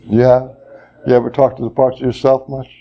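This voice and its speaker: The recording is muffled, carrying a man's creaky, mid-range voice with a level tone. He leads a workshop in a workshop room, slowly walking the group through each step before acting out example voices.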